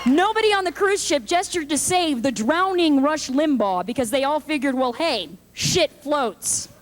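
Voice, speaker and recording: A woman's voice: high-pitched, lively intonation, normal speed. A woman doing a punchy stand-up comedy set on a live club stage, jumping into character voices.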